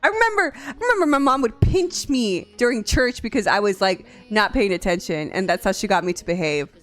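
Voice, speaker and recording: A young woman streamer chatting casually on a live stream, animated and quick to laugh, swearing freely. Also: medium pitch. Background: faint music.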